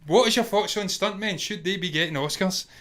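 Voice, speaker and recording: On a casual movie news show, a co-host with a high, slightly bright voice talks a little fast. He laughs easily while voicing emphatic, opinionated takes.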